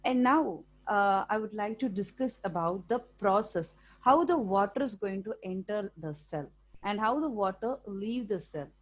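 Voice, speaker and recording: A woman's voice: medium pitch, lively intonation, normal speed. A woman with an Indian English accent teaching a school science lesson, explaining step by step and often checking in with "okay?". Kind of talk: classroom lecture for students.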